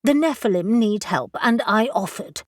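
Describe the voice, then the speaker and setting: A woman's voice: on the high side, animated, moderate pace, dry recording, pitched above the performer's own voice, natural voice. Woman reading a defiant woman executive, biting, prickly, dry close sound. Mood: cold.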